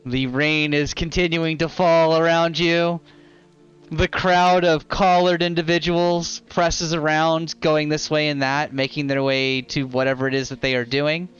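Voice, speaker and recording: A man narrating a tabletop game as its dungeon master, in an easygoing, relaxed manner. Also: a little high, measured pace, clear, resonant tone, lo-fi sound, faint music behind.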